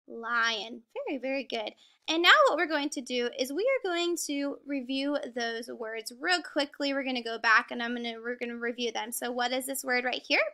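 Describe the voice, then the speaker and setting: A woman teaching a kindergarten reading lesson on video, speaking slowly and encouragingly and stretching words out for small children. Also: high-pitched, pushed and bright.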